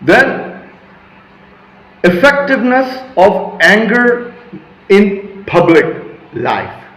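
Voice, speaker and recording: A man vlogs a motivational monologue in a rambling, emphatic way, pushing into loud, assertive bursts. His voice sits a little high. The room gives it a noticeable echo. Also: very animated, extremely slow. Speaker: vlogger.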